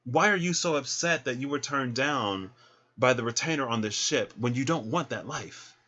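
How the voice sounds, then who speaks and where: A man's voice: medium pitch, moderate pace. Chatty man giving a tarot reading. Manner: chatty and animated, laughs often, acts out little scenes. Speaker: tarot reader. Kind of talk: casual spoken tarot reading.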